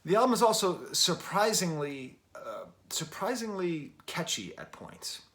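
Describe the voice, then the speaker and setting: A man's voice: fairly high pitch, very animated, measured pace, a bit bright. An American man from Western New York giving a casual, rambling album review, often correcting himself mid-sentence and tossing in wry asides. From Western New York, USA.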